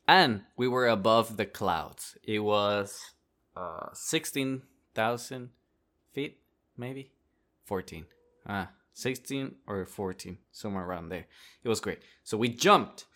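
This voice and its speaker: Animated man telling a story on a podcast. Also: on the low side, takes it slowly. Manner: animated, laughs often while telling. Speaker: podcast host. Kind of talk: casual personal storytelling.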